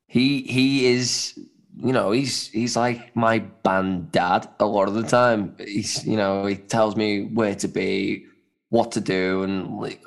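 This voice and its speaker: A young adult man co-hosting a casual podcast chat, rambling loosely with lots of "you know" and "man". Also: fairly low pitch. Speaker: podcast co-host.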